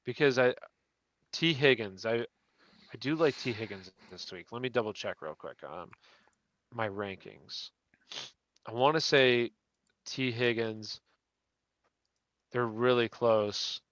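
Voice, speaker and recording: A man's voice: medium pitch, takes it slowly, long pauses, a bit bright, no echo, highs cut off. A man hosting a live question-and-answer stream, chatting casually and restarting his sentences as he answers viewers. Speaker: fantasy football show host.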